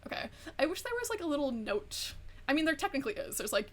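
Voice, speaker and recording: A woman's voice: fairly high pitch, big pitch swings, fast, a bit bright, a little hiss or hum. A young adult woman streaming a game, chatting casually and animatedly, swearing freely and saying "like" a lot. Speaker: VTuber streamer. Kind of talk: casual chat while gaming.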